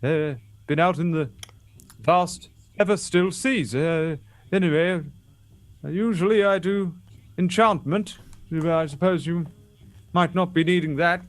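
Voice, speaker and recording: A man's voice: high voice, unhurried, long pauses, no echo, voice pushed up. A man voicing a shy, awkward male seal who stammers as he talks.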